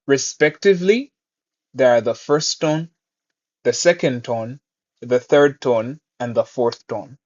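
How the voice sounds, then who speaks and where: Patient and encouraging, a man teaches an online Mandarin lesson, phrasing everything slowly and deliberately. His pitch is ordinary, mid-range. The recording comes across as slightly dull and lo-fi.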